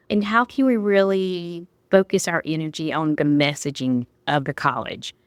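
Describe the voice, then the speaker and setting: A woman speaks as a guest on a podcast taped live at a conference. She answers in an earnest, measured way and often repeats her phrasing. Her voice sits low and sounds crisp and dry, with no room around it. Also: no echo. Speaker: guest, college vice president. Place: conference venue.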